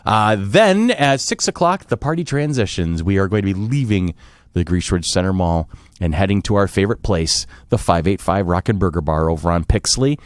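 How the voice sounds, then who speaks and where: A man's voice: low voice, animated, normal speed, no room sound, clean studio sound. Upbeat man hosting a podcast. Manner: upbeat announcer-style event rundown. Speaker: podcast host. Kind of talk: casual podcast chat.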